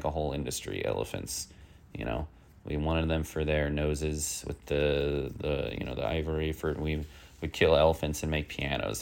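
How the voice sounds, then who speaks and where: An extremely deep voice, rough with gravelly fry, belongs to the host of a small comic news show. His casual monologue meanders with lots of fillers and keeps tipping into irritable, exasperated ranting.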